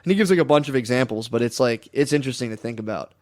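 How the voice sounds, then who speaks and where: Brief: male podcast co-host, mid-pitched voice, rambling and casual, lots of "like" and restarts. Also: fairly even intonation, fast. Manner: rambling, loose, with many fillers and restarts.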